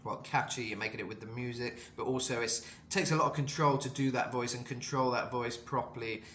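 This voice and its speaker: Speaking a little fast in a mid-range, fairly bright voice with fairly even intonation, this man coaches singing informally. He rambles through vocal technique with lots of fillers, in an echoey room carrying a bit of hiss or hum.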